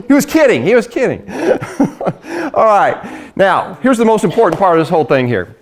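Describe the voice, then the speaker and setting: A middle-aged man giving a lively sales training talk, acting out conversations and laughing often. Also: a little high, moderate pace. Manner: animated storyteller, acts out dialogue, laughs often.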